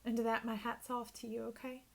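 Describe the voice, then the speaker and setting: A woman giving an intuitive tarot reading, speaking effusively and emphatically straight to the listener, at times dropping into a hush. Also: fairly high pitch, little pitch movement, fairly quick, gravelly. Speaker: tarot reader.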